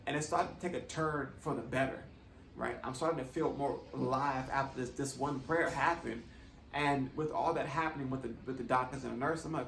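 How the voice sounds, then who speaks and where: A man's voice: medium pitch, steady tone, a little fast, vocal fry, fairly bright tone, roomy sound, distant mic, slight background noise, low-quality recording. A man earnestly telling a personal testimony in a conversational way, often checking in with his listeners. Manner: earnest, conversational, tags with "right?". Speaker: vlogger.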